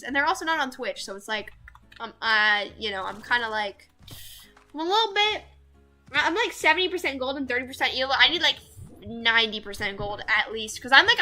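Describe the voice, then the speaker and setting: This young woman, a VTuber, streams a game in a high-pitched, bright, forceful voice. She casually chats to her viewers, rambling along with frequent fillers.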